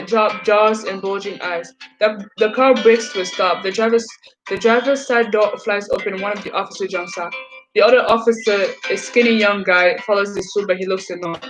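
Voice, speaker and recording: A woman's voice: medium pitch, steady tone, moderate pace, poor audio. A woman reading a children's novel aloud, enthusiastic, often stumbling and restarting lines. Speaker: reader. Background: background music.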